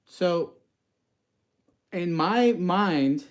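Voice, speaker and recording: A man's voice: sits high, animated, extremely slow, reverberant, low-quality recording. A man from the western United States hosting a live cooking stream, chatting casually and rambling off topic as he talks to his viewers. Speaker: cooking channel host.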